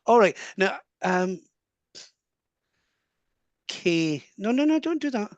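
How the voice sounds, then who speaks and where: A Scottish man working as a medium, giving an earnest live reading over a video call with quick asides and laughs. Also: high voice, sing-song, dry recording, dull audio. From Scotland.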